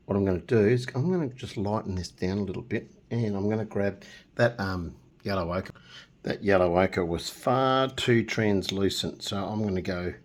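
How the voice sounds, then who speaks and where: A middle-aged man talks through a casual painting lesson in a low voice that jumps around with lively intonation. He keeps up a joking, chatty commentary while he works and drifts into humming silly nonsense tunes. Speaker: painting tutorial host.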